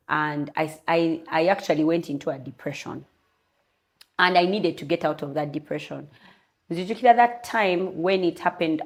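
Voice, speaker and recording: A young Ugandan woman, an interview guest, telling a candid personal story in an earnest, lively way. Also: lowish voice. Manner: switches between English and Luganda, lively and earnest.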